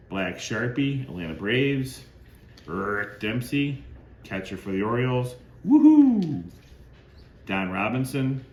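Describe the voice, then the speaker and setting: A middle-aged man who collects cards, hosting a casual show-and-tell video. He reads items off one by one in a plain, conversational way. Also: low voice. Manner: lists items plainly, bursts into loud woohoo cheers. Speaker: card collector and channel host. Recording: echoey room with faint ambient noise.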